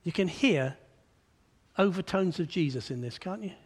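Animated preacher with a high, lively voice. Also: male voice, moderate pace, breathy edge. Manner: animated, rising to high emphatic peaks then dropping low and quiet; repeats words when starting sentences. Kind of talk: sermon.

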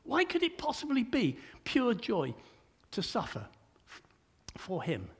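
Older male preacher, very high voice, chatty sermon full of stammered restarts. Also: huge pitch swings, unhurried, breathy edge.

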